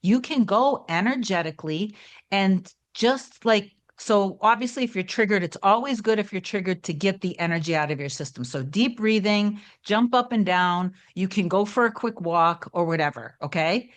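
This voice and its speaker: A woman talks viewers through a coaching session in a relaxed, conversational way. She sounds reassuring and chatty, with plenty of asides and gentle encouragement. Her voice sits at an ordinary middle pitch for a woman. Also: normal speed. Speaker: manifestation coach. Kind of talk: casual coaching monologue to camera.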